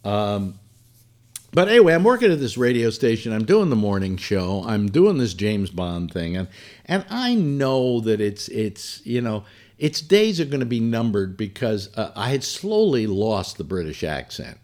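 Animated older man spinning radio stories. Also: lowish voice, unhurried. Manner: rambling with frequent fillers and restarts, colorful asides. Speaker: former radio host reminiscing. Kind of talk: casual storytelling monologue.

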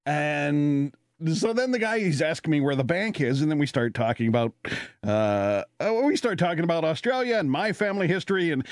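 Canadian male host, chatty storyteller, lively pitch, dry sound. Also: fairly quick, no room sound. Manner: rambling, animated, laughs often, many fillers. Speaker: radio talk show host. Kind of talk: casual storytelling chat.

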